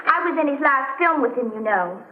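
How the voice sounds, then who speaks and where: An actress playing an affected young film starlet who gushes and name-drops. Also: female voice, high-pitched, animated, brisk, heavy background noise. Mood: gushing. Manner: airy, gushing, self-important. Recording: tinny old TV sound, roomy.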